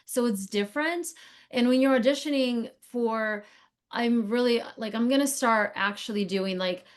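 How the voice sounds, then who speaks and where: A woman's voice: a little high, normal speed. A woman guest on an interview podcast, a casting director, talking in a chatty, digressive way with lots of fillers. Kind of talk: casual interview conversation.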